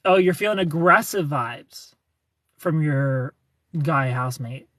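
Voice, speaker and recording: A man's voice: on the high side, takes it slowly, fairly bright tone, no room sound. A man hosting a casual livestream, greeting viewers by name, reading their comments aloud and teasing them with frequent laughs. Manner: chatty, reads viewer names and comments aloud. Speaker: livestream host.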